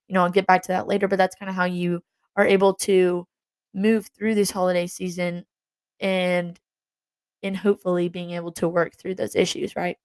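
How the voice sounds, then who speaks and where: A young woman talks earnestly about faith in a loose, rambling way, full of fillers and restarts. Her voice sits a little low for a woman. The sound is dry and close, with no room echo. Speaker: Christian vlogger. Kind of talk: casual faith talk.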